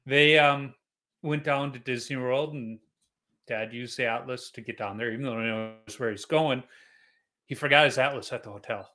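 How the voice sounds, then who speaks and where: A middle-aged man hosting a podcast, chatting casually and telling family stories with animated quoted voices. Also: medium pitch, moderate pace. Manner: storytelling, animated quoting of family. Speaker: podcast host. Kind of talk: casual interview chat.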